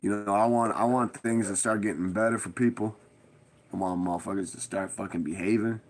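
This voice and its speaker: A man's voice: on the low side, fairly even intonation, a little fast. Blunt, profane man giving stern warnings. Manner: blunt, heavily profane street slang. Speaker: vlogger giving street advice. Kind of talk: casual rambling monologue.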